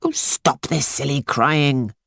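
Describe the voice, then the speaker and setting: A woman's voice: a bass voice, slow, vocal fry, a bit bright, no room sound, clean studio sound, full character voice. A woman voicing a young mother mildly chiding her small son in a storybook reading. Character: gently scolding young mother of a small boy.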